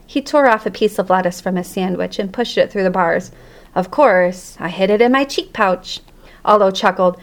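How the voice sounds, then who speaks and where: A woman narrating a children's story aloud in a lively, expressive way. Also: mid-range voice, normal speed.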